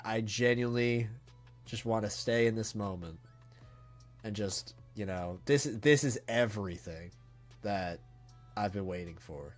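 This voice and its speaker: A man streaming a live reaction, awestruck and emotional, talking in halting bursts that trail off and restart. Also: lowish voice. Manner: emotional and earnest. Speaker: streamer reacting to a comic chapter.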